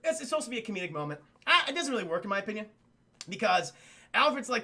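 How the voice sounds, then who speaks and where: A young man casually recapping a cartoon episode for his live chat, excitable and swearing, acting out the characters. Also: high voice, fast. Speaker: streamer reviewing a cartoon episode.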